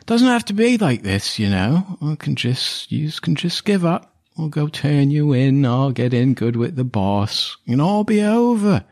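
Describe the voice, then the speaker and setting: A man's voice: a little high, sing-song, a little slow, darkish tone, dry recording, studio quality, voice pushed up. A man doing a wheedling serial killer. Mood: coaxing. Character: menacing male serial killer, sly, wheedling.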